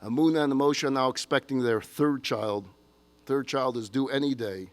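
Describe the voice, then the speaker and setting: A man, a rabbi, telling a story in a sermon with an expressive, emotive delivery. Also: medium pitch, moderate pace.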